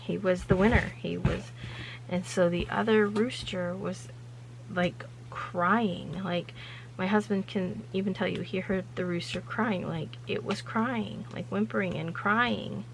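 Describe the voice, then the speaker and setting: A woman's voice: mid-range voice, steady tone, measured pace, gravelly, slight background noise, poor audio. A woman hosting her own vlog, telling a story in a rambling, chatty way with lots of loose fillers. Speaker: vlog host.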